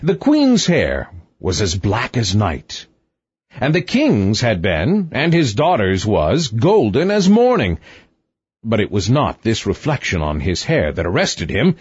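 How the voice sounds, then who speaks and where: A man narrating a storybook aloud in an expressive, wide-ranging read. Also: lowish voice, a little slow, breathy edge, no room sound. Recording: muffled, dull, dry recording.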